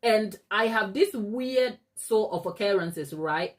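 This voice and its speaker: A woman hosting a cake-baking channel, telling a story in a chatty, animated way from her home kitchen, acting out other people's lines in a high voice. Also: takes it slowly. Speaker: cake maker and channel host. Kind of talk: casual live-stream storytelling.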